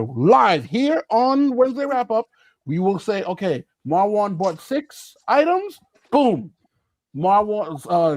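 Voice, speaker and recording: A man's voice: sits high, darkish tone, no echo. A male podcast co-host in casual chat, talking in a passionate, ranty, emphatic way.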